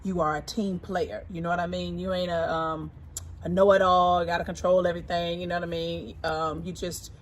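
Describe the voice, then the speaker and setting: Emphatic woman with a lower voice. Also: level tone, normal speed, a little hiss or hum. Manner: emphatic and repetitive, often repeating phrases. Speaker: co-host, singer. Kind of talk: casual heartfelt talk.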